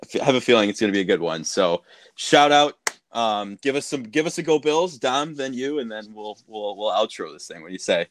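A man's voice: on the low side, brisk, no room sound. Brief: laid-back male podcast host, close dry recording, easy conversational delivery. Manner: relaxed and agreeable, frequent fillers. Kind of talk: casual interview chat.

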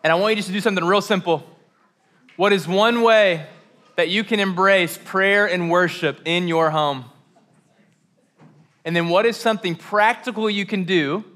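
Bright-voiced man leading a church service. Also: sits high, normal speed, long pauses. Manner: relaxed, direct instructions with "um" fillers. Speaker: pastor leading the gathering. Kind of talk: giving instructions at a church service.

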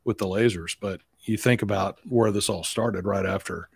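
Brief: man co-host, very low husky voice, dry sound, halting analyst. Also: dry recording. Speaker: podcast co-host. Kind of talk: casual chat.

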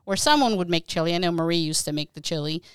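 Chatty mom co-hosting a podcast. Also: female voice, lowish voice, animated, fast talker, clear, resonant tone, no echo. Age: middle-aged. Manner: laughs often, chatty and rambling. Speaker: podcast co-host. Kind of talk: casual chat.

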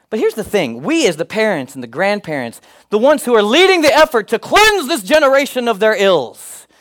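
High-voiced animated male pastor. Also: rough recording. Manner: animated, humorous storytelling with put-on voices. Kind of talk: sermon.

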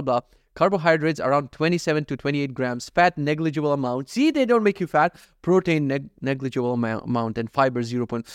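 A man's voice: a little high, no room sound, clean studio sound. A young man hosting a solo podcast, rambling through jokey, profane stories. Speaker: podcast host. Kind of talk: casual solo podcast monologue.

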